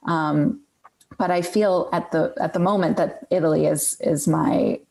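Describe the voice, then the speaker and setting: A woman with a low voice and a gravelly fry at the edges of her words. She talks casually as a guest, pausing often with fillers and restarting her phrases. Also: steady tone, mellow. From United States. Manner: hesitant, many fillers and restarts. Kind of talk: casual conversation.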